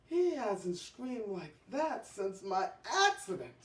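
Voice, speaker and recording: A woman telling a comic story in the first person, stammering and breaking into loud, indignant outbursts. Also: mid-range voice, big pitch swings, takes it slowly. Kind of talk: comic monologue. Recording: echoey room from far off.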